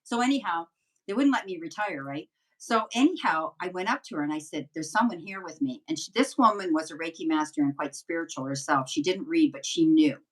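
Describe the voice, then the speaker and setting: A woman's voice: lowish voice, fairly quick, distant mic, low-quality recording. An older woman, a psychic medium guest, telling rambling, chatty anecdotes in a casual interview.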